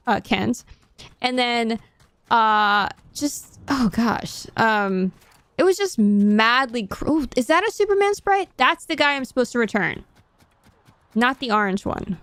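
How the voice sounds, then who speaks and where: A woman's voice: fairly high pitch, lively intonation, unhurried, fairly bright tone, no echo. A young woman streamer chatting casually and rambling to herself as she plays a game. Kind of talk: casual chat while gaming.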